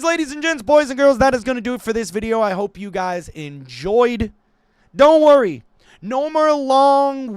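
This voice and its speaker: A man reading news stories aloud and ranting about them in a profane, animated commentary for his channel, recorded on a desk microphone at home. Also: high voice, clean tone, no echo, studio quality. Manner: animated, swearing, laughing, ranting. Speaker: political commentary YouTuber. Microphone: new desk microphone.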